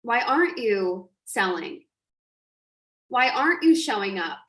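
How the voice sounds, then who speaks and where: A woman coach telling an animated story on a live stream, acting out quotes and laughing often. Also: on the high side, measured pace, echoey room. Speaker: online business coach.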